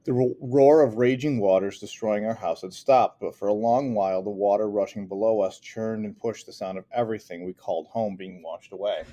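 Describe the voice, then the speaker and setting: Male audiobook narrator, low register, earnest first-person reading. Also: a little fast, hardly any pauses, warm tone.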